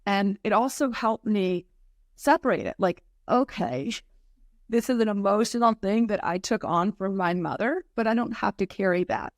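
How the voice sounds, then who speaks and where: A woman's voice: medium pitch, normal speed, dry recording, studio quality. A middle-aged woman guest on a podcast, telling a candid personal story in an earnest way and acting out her own past reactions.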